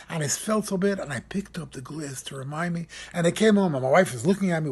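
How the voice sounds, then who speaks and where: A man serving as a camp rabbi, telling a story in an animated sermon style, voice lifting when he quotes people. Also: on the high side, quick pace, hardly any pauses. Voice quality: gravelly, husky.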